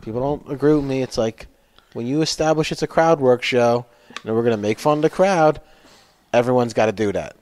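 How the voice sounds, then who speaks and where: A man's voice: medium pitch, a little fast, darkish tone, dry recording. Male comic co-host, casual and chatty, dry studio sound. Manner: chatty, laughs between remarks. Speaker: stand-up comedian, podcast co-host. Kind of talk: casual podcast chat.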